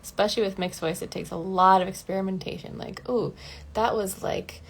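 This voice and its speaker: A woman's voice: medium pitch, steady tone, brisk. A woman vocal coach talking casually and candidly in a livestream lesson, laughing often and acting out the voices in her head.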